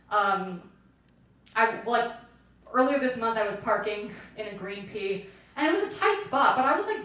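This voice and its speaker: Woman in her late 20s doing standup, high voice, slow drawn-out delivery, echoey room. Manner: self-deprecating, animated storytelling. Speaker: stand-up comedian. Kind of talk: stand-up set. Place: comedy club stage with audience laughter. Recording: echoey room, distant mic, audible noise.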